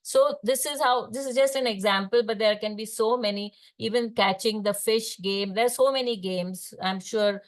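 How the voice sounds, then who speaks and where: An older woman with an Indian English accent, a speech therapist lecturing fellow clinicians in a hesitant, explanatory way with many pauses and fillers. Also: a little high, fairly even intonation. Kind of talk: lecture in an online case discussion.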